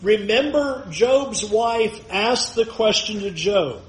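A man's voice: sits high, takes it slowly, hardly any pauses. A man preaching a sermon as pastor, emphatic, often acting out the voices of the people he quotes. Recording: roomy echo.

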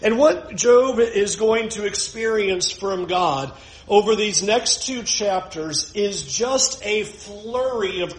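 Male Bible teacher, high voice, expressive with dramatic pauses, echoey room. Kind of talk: verse-by-verse Bible lesson.

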